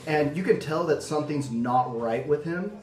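A man's voice: a little high, expressive, normal speed, darkish tone. A young adult man in casual podcast chat, telling a story earnestly with many fillers. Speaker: podcast panelist. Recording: roomy, from a distance.

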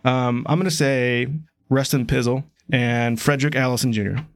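A man's voice: medium pitch, steady tone, moderate pace, clear, resonant tone, no echo, clean studio sound. A man co-hosting a casual podcast, laid-back and jokey. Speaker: podcast co-host.

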